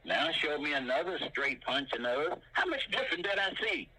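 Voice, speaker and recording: An older man teaching martial arts in an animated way, punctuating his points with sound effects like boom and bam. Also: a little fast, breathy edge, low-quality recording.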